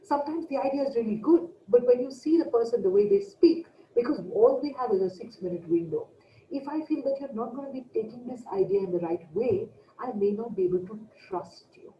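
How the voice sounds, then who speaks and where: A woman's voice: fairly high pitch, lively intonation, fairly quick. A woman runs an online presentation workshop, counting off tips and asking questions she answers herself. Her voice comes through a lo-fi call mic in an echoey room with a faint hiss. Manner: emphatic, enumerating points, asks rhetorical questions. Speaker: workshop trainer. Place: home, online video session. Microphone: computer mic on a video call. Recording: dull, roomy video call audio.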